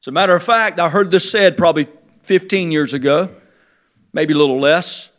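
A man preaching a sermon, animated, swinging between loud emphatic bursts and low quiet asides. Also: fairly quick.

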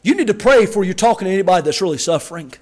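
A man preaching a sermon, acting out quotes and shouting key lines for emphasis. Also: sits high, lively intonation, very fast. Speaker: pastor.

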